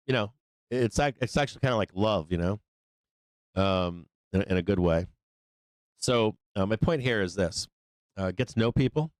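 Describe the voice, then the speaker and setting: On his live stock trading show, a man jokes around and hands out casual, profane advice in a rambling way, sometimes slipping into higher voices to act out little scenes. His tone is clean, with no echo.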